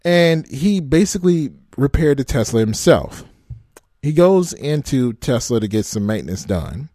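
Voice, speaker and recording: A man's voice: medium pitch, sing-song, a little slow, warm tone, no echo, clean studio sound. A man ranting casually to his trucking audience, blunt and profane, mocking them and laughing often. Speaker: trucking vlogger. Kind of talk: casual rant to camera.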